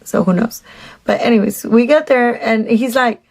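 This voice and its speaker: A woman's voice: a little high, normal speed, creaky. A woman telling a casual storytime about a date, chatty and sarcastic, with lots of fillers and asides.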